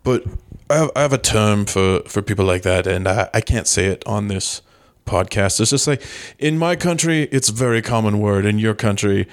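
A pompous British film star talks in a low, deadpan voice with a put-on British accent, full of himself, as a man plays him for a comedy podcast bit. The delivery stays dry and unbothered throughout. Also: moderate pace, close to an everyday voice. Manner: deadpan, self-important.

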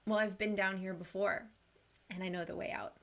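A woman voicing a calm, reassuring friend in a spoken story. She speaks plainly, and her voice has a gravelly fry. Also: medium pitch, normal speed. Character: calm friend who knows the way out.

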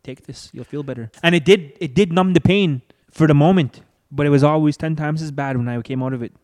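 In a brisk, slightly high voice with a darkish tone, a young man shares his story of loss as a guest. His testimony is earnest and emotional, and he acts out what people told him.

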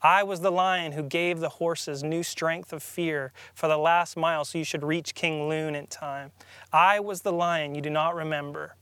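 A man reading aloud the lines of a wise, commanding male lion from a storybook, in a grave and measured way. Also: fairly high pitch, steady tone, bright, forceful tone, smooth, no echo. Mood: solemn.

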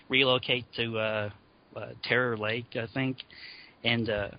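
This podcast co-host takes it slowly, his medium-pitched voice showing little pitch movement, and the audio is dull and lo-fi. Chatting casually, he frequently laughs while retelling scenes he loves.

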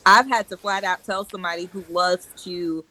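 A woman's voice: on the low side, fairly even intonation, moderate pace, bright, forceful tone, low-quality recording. A woman in a casual group chat, thoughtful and direct.

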